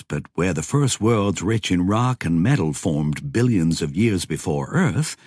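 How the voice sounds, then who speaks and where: A man reading a science fiction audiobook in a measured way, lifting his voice for the characters' dialogue. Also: deep voice, slightly rough, dry recording, studio quality. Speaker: audiobook narrator. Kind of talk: scripted narration.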